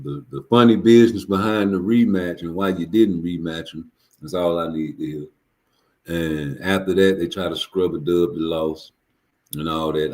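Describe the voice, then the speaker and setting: Deep-voiced man in a profane, rambling rant. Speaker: live streamer. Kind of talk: casual live-stream rant.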